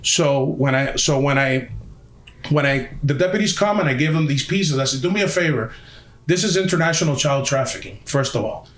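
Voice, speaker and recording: A man's voice: medium pitch, lively intonation, normal speed, fairly bright tone, echoey room. A man telling a story on a podcast in a heated, emphatic way, swearing often. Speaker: podcast guest. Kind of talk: casual storytelling.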